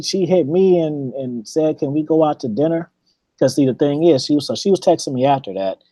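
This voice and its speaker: A man's voice: medium pitch, warm tone, no echo. A man in casual chat, telling a long rambling story with lots of profanity and repeated words.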